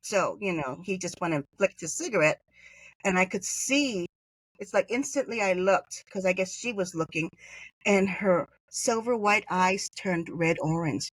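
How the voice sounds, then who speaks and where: A woman from Hawaii, a podcast guest, telling a personal story in a rambling way, with sudden high jumps when she voices others. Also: measured pace, no room sound, poor audio. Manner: animated, acts out quoted voices with pitch jumps; rambling, self-correcting.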